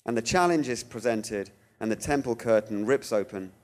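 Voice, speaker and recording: A man speaks at an ordinary middle pitch, giving a theological talk. He tells stories with lively rises and acts out the voices of the people he quotes. His delivery is animated and expressive. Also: moderate pace. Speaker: guest speaker.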